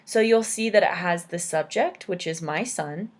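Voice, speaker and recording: A woman's voice: lowish voice, normal speed. A woman teaching an English grammar lesson, explaining patiently and checking in with "right?" as she goes.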